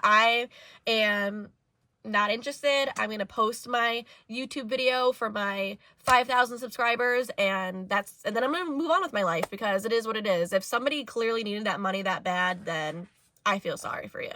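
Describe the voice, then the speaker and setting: A young woman vlogger, ranting to camera in an exasperated, animated way, full of "like" fillers. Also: on the high side, moderate pace, dry recording. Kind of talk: personal rant to camera.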